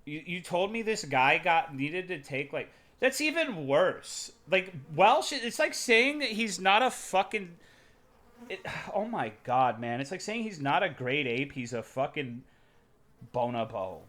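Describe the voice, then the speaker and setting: A man's voice: fairly high pitch, very animated, unhurried, a bit bright. A young adult man streaming live, chatting casually with his chat in a crude, rambling, sarcastic way.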